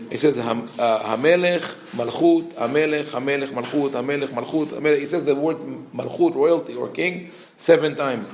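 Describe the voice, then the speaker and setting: The recording, marked by a clear echo from the room, captures a man teaching Torah as a rabbi. His pitch is medium; he reads the Hebrew verses fast, then translates and explains, acting out characters' lines with lively inflection.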